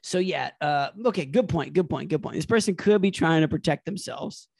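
Man, high voice, laughs a lot, jokey chat, dry close sound. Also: brisk, vocal fry, no room sound. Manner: laughs often, drops into silly voices for bits. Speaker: podcast co-host. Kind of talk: casual comedic chat.

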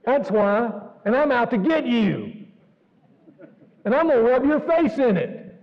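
Give me a preacher playing a sneering, gloating scold, in a dull recording with long reverb. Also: male voice, extremely high pitch, big pitch swings, unhurried, pitched above the performer's own voice, exaggerated voice. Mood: mocking scolding. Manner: sarcastic, rising and raised. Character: harsh scolding man, mocking and vindictive.

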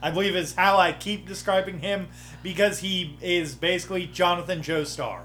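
A man's voice: high-pitched, fairly even intonation, normal speed, a bit bright, slight background noise. A man who ran the campaign as game master, chatting casually on a podcast, often breaking off mid-sentence and swearing offhandedly. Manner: rambling, self-interrupting, swears casually. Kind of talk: casual chat.

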